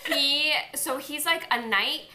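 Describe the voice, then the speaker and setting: A woman's voice: high voice, takes it slowly, pushed and bright, a little hiss or hum. A young woman chatting enthusiastically as a guest on a casual vlog. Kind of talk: casual chat.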